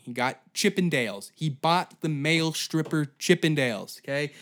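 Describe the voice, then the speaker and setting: A young man hosting a comedic podcast, telling a story as a profane, rambling monologue that keeps breaking into shouted asides. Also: mid-range voice. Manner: profane, riffing, jumps into goofy put-on voices and shouts. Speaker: podcast host.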